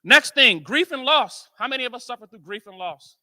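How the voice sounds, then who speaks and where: An American man speaking at a men's conference, telling stories to a live audience in an animated, joking way and asking the crowd questions. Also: extremely high pitch, a little fast. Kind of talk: storytelling talk to a live audience.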